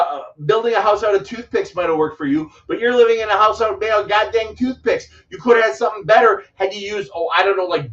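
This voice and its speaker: A man coaching on credit repair in a live question-and-answer stream, blunt and emphatic, rambling between points with sudden loud outbursts. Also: a little high. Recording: distant mic, dull muffled sound.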